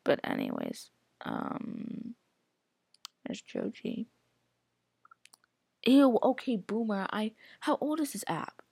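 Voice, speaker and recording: A woman's voice: fairly high pitch, wildly swooping pitch, takes it slowly, creaky, long pauses, a little mellow, slightly rough, no room sound. A woman hosting a casual solo podcast, rambling and chatty, full of "like" and reacting aloud to what she scrolls through. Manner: rambling, chatty, heavy use of filler "like". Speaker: podcast host.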